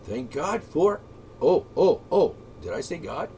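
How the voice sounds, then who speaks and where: A man delivering an angry, profane solo rant, sarcastic and swinging between shouting and muttering. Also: fairly high pitch, sing-song, a little slow, a little hiss or hum. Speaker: political commentator.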